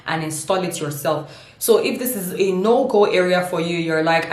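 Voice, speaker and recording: A playful woman vlogger with a somewhat low voice talks straight to her camera, laughing often and stretching words out for comic effect. The sound bounces around an echoey room at home. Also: normal speed. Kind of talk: humorous casual vlog.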